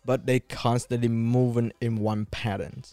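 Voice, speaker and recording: Man, podcast co-host, animated storyteller, loose grammar, dry sound, faint music. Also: mid-range voice, unhurried, no room sound. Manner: animated storytelling, swears a lot, non-native phrasing. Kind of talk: casual chat.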